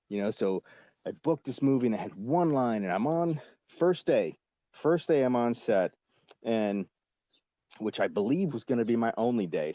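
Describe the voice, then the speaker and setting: A man in his forties with a lowish, mellow voice tells a story as a podcast guest. He rambles through it with plenty of fillers and casual swearing. The sound is dry and slightly dull, like a lo-fi podcast. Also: dry recording.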